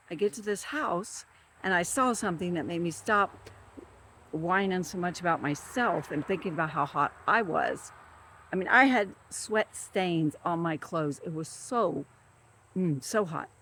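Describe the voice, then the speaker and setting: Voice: mid-range voice, unhurried, bright, forceful tone, slight background noise. A government field worker ranting in a monologue, emphatic and repetitive, who keeps stressing the same words.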